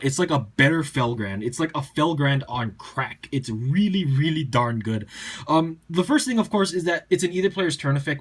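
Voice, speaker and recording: Young guy rattling off his card deck list super fast, casual and rambly, lots of um and like. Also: a little high. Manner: rapid, chatty, lots of fillers and asides. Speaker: deck profile presenter.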